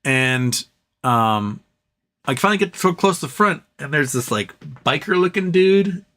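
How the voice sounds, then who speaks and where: A man's voice: fairly high pitch, lively intonation, measured pace, bright, forceful tone. A man hosting a live show, telling stories casually in a rambling, profane way and repeating phrases for effect. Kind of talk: casual storytelling.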